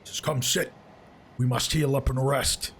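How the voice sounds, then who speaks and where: A man voicing a gruff male wilderness guide who speaks in short, clipped commands during a tabletop game. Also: medium pitch, steady tone, a little slow, fairly bright tone, slight background noise, natural voice. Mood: urgent.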